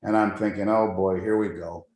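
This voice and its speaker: A man who deals in precious metals, a guest in an interview, telling a long anecdote in an animated way. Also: on the low side, moderate pace, echoey room. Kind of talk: storytelling in an interview.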